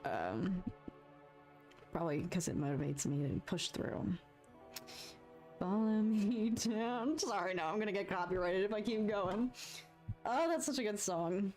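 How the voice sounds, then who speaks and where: A young adult woman chatting casually on a live stream as she paints, expressive and talkative, swinging between frustration and giddy relief. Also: lowish voice, unhurried, pauses often, faint music behind.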